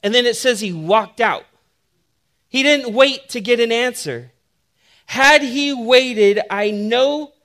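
A man's voice: sits high, a bit bright. A man preaching a sermon in a conversational, humorous way that builds to emphatic points.

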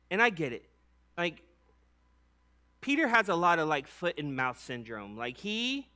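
Male preacher, high bright voice, laid-back slangy delivery with lively storytelling. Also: clean tone. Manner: slangy and conversational, many "like"s; animated storytelling with acted-out voices. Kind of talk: casual sermon.

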